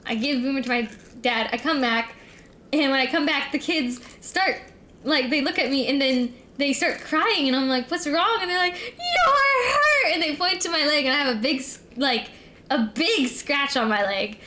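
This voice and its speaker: A woman's voice: high-pitched, moderate pace, bright, forceful tone. A young adult woman streamer telling a long rambling story in casual chat, full of "like" and "um". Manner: rambling, filler-heavy storytelling.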